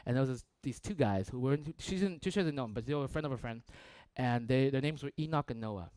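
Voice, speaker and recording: This pastor's sermon takes the form of a conversational story, full of "right?" and shifting between loud outbursts and hushed, almost whispered lines. His mid-range voice is animated, fast, clear, and resonant, with no echo.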